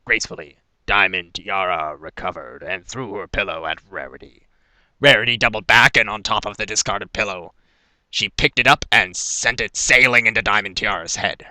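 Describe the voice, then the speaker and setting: A man reads a fan story aloud on a home microphone, measured and now and then stumbling over a word. His voice sits a little low yet sounds very bright. The recording is completely dry, with no room sound. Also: no echo. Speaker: fan fiction reader. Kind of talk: storytelling narration.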